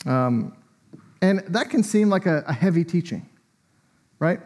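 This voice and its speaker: A man's voice: on the high side, animated, measured pace, pauses often, darkish tone. A man preaching a sermon in a conversational, storytelling way, often with a light chuckle.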